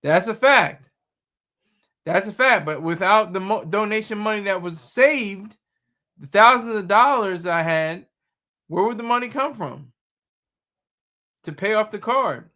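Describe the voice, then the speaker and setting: A man's voice: high-pitched, lively intonation, unhurried, long pauses, bright, forceful tone. A man streaming live, talking back to chat and news clips in a mocking, combative way. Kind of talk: casual live-stream commentary.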